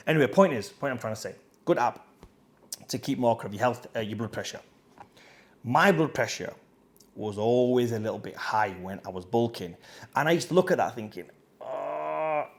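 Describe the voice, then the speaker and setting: Man, fitness coach, mid-pitched voice, casual slangy chat to camera. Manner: slangy, chatty storytelling with lots of "bro" and "like".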